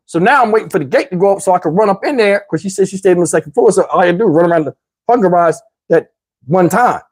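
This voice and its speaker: A man doing stand-up storytelling, animated and addressing the audience. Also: high voice, fast talker, slightly rough. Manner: animated, talks to the audience, mimics voices. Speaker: comedian telling a story.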